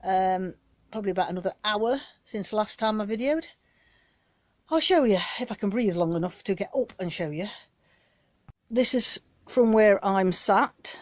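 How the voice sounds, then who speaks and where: This British gardening vlogger, holding her phone to film herself in the back garden, keeps the chat casual, rambling and down-to-earth. Her medium-pitched voice has a darkish tone, captured in a dry recording.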